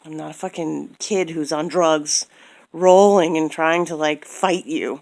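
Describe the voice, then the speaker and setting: Low-voiced woman ranting angrily. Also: unhurried, a little mellow. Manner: heated, profane, repeats herself. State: tired. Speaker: vlogger. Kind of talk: angry personal rant.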